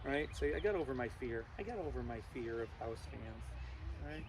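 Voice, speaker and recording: A man's voice: mid-range voice, lively intonation, moderate pace, slight background noise. A man presenting a live animal show to kids, playful and teasing.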